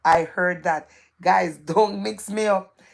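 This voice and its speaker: A woman's voice: lowish voice, steady tone, slow pace, vocal fry. A woman hosting a live stream, reading viewers' comments aloud in a playful, gossipy way and repeating phrases for emphasis.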